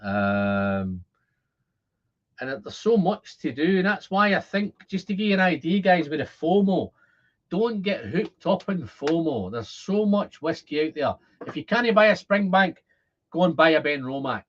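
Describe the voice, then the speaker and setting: A Scottish man in his fifties hosting a casual whisky livestream, chatting to viewers and rambling as he thinks out loud. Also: fairly high pitch, very animated, a little slow, slight background noise. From Scotland. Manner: chatty, rambling, repeats words when thinking. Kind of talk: casual livestream chat reading comments. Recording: dull lo-fi stream audio.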